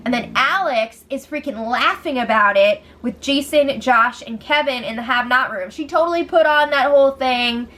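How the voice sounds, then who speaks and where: A woman hosting a casual reality show recap, sarcastic and quick to laugh. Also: high-pitched, bright, forceful tone. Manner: sarcastic, laughs often, quotes people in mocking voices.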